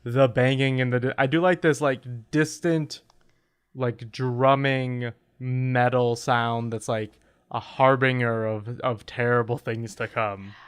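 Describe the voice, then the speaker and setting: Smooth-voiced man joking on a podcast. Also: mid-range voice, fairly even intonation, takes it slowly. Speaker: podcast co-host. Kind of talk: casual podcast banter. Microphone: remote call mic.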